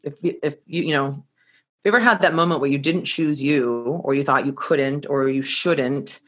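A woman telling a personal story to an audience in an animated way, laughing now and then and often restarting her sentences. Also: deep voice, moderate pace. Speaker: course teacher.

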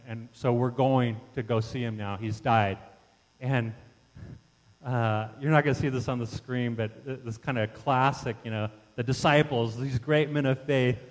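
A man's voice: mid-range voice, long reverb tail, rough recording. A man preaching a sermon as pastor, talking conversationally with rhetorical questions and frequent restarts.

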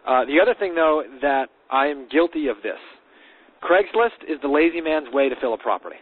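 A man's voice: a little high, expressive, a little fast, breathy edge, no echo. A man co-hosting a casual business talk, confidently telling how he handles deals and repeating words while thinking, heard over a phone line. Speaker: podcast co-host. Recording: dry phone-line sound.

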